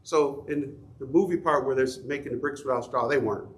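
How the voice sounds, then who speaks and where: A middle-aged man with a medium-pitched voice leads an adult Sunday school class at church, speaking fairly quickly. His Bible study teaching is conversational, and he puts questions to the class.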